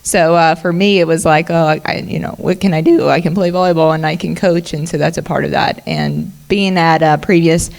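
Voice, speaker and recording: Low, gravelly woman coach. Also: steady tone, a little fast, few pauses, darkish tone. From Alabama, US South. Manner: earnest, reflective, some restarts. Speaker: college volleyball coach. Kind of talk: panel answer about faith. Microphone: handheld mic.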